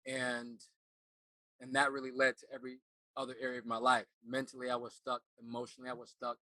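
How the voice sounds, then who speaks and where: Earnest man with a bright, forceful voice. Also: medium pitch, completely flat delivery, dry recording. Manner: earnest, halting, repeats words while recalling. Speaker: actor and life coach guest. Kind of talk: reflective personal storytelling.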